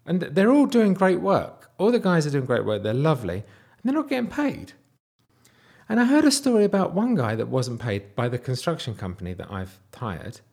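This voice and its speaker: A man in his thirties casually telling a personal story, animated, sometimes dropping to a whisper. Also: normal speed, gravelly, husky. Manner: animated, wide swings in pitch and loudness, drops to whispers.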